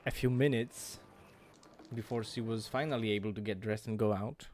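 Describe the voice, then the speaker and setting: A man's voice: fairly low pitch, fairly even intonation, moderate pace, darkish tone, a little hiss or hum. A man narrating as game master in a tabletop game, matter-of-fact.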